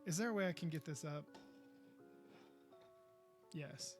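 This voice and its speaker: Faint music sits behind a man whose slightly high voice moves a little slowly. He's hosting a live podcast, chatting goofily and casually in live-stream style while he builds, with bursts of frustration.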